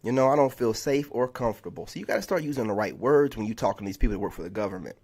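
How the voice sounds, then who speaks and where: A man's voice: mid-range voice, lively intonation, very fast, a little mellow. A man ranting in a vlog monologue, heated and exasperated, peppering his talk with "man". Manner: heated, exasperated, repetitive storytelling with lots of "man". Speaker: content creator.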